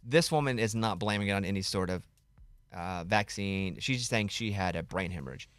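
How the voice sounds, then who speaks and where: A man's voice: lowish voice, expressive, brisk, fairly bright tone, dry recording. A man hosting a radio morning show, leading casual studio banter and arguing his point. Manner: argumentative, leads the discussion.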